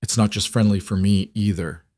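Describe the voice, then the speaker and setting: A man voicing a cautious widowed single father, quiet and hesitant in audiobook dialogue. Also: lowish voice, steady tone, normal speed, no room sound, studio quality, close to an everyday voice. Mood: guarded.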